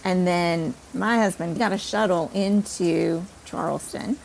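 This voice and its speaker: A woman podcast host telling a personal story in an animated, self-deprecating way. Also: fairly low pitch, a little slow, vocal fry, a little hiss or hum, poor audio.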